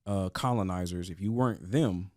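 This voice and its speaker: Low-voiced man in earnest podcast talk. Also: moderate pace, darkish tone, no room sound, clean studio sound. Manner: earnest, with frequent restarts and stammers. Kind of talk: casual podcast discussion.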